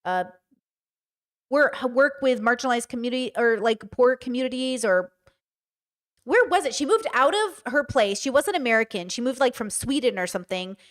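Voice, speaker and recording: A woman's voice: a little high, animated, moderate pace. A woman hosting a livestream, chatting casually about a video with lots of fillers and restarts. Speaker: streamer host.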